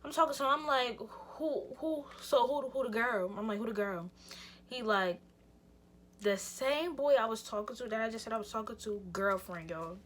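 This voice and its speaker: Animated young woman telling a storytime. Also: a little high, a little fast, noisy background. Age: young adult. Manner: animated, emphatic, swears freely, acts out her own reactions. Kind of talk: casual storytime vlog.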